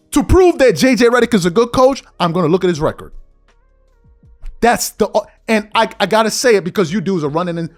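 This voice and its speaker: Animated man ranting about sports. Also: high voice. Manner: animated, confrontational, mocking, calls listeners out. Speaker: podcast host. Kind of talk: heated sports commentary rant.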